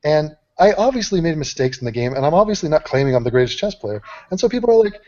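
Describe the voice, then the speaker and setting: A man's voice: on the high side, fast, muffled recording. American man ranting on video call. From United States. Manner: animated, talks over others, swears casually. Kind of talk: casual group video chat.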